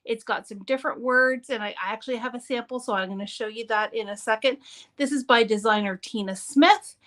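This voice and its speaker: A woman's voice: fairly high pitch, brisk, fairly bright tone. A woman hosting a live papercraft demonstration, talking in a chatty, upbeat way and often breaking off mid-sentence. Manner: chatty, upbeat, self-interrupting.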